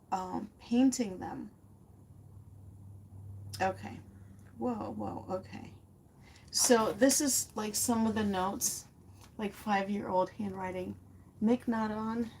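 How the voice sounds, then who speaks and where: A woman's voice: medium pitch, darkish tone, slight background noise. A woman giving a casual, rambling craft lesson from a home studio, laughing often as she chats with viewers. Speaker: art teacher.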